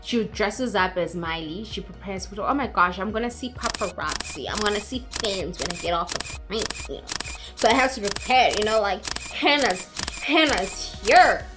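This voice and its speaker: A woman's voice: mid-range voice, lively intonation, normal speed, over music. A woman recapping a movie in a chatty, mocking way, acting out characters as she goes. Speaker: YouTuber.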